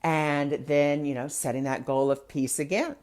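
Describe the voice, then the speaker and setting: Woman spiritual host with a low voice, casual chatty storyteller. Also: steady tone, moderate pace, darkish tone. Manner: chatty, many fillers, acts out quotes. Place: live online broadcast.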